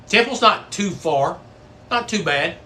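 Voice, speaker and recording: A man's voice: high-pitched, expressive, measured pace, sharp tone, slight background noise. A middle-aged man hosting a casual livestream, folksy and swearing freely. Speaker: livestream host; coach.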